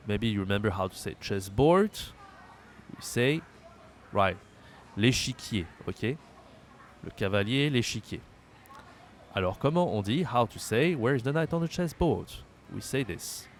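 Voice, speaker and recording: A man with a French accent, a native French speaker, teaching a language lesson, thinking aloud with hums and self-corrections and repeating phrases slowly for learners. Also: mid-range voice, lively intonation, a little hiss or hum.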